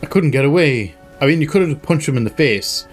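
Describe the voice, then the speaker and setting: A man casually commentating while he plays a mystery game, chatty and self-mocking as he thinks out loud. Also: a little high, lively intonation, fairly quick, faint music behind. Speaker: game streamer. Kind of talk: casual let's-play commentary.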